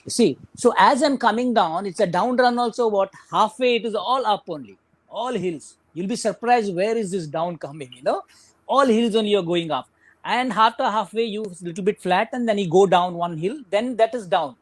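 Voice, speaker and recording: A man's voice: high voice, normal speed, no room sound. A middle-aged Indian man with an Indian English accent, a guest runner telling his story in a casual interview, full of "you know" and "like".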